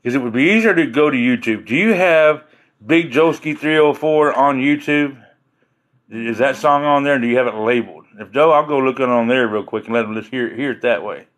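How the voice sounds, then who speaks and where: A man's voice: mid-range voice, fairly quick, a bit bright. A man chatting casually on a live stream, rambling and joking as he talks to his viewers.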